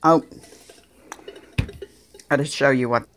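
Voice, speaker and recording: A woman chatting casually in her home kitchen, talking homey and cooing at her dog in a high sing-song voice. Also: slow, a little hiss or hum. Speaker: vlogger. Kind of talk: casual kitchen vlog chat.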